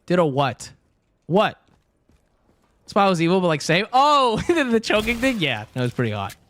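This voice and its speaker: Playful high-voiced young man streaming. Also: sing-song, unhurried, fairly bright tone, no echo. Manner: joking, rambling, playful. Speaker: livestreamer. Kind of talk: casual stream chat with viewers.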